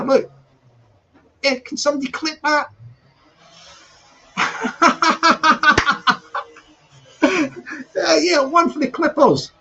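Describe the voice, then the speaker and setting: A man's voice: very high-pitched, pushed and bright. Chatty, repetitive man streaming live. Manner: chatty, repetitive, laughs a lot. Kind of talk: casual live stream chat. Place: flat with balcony door open.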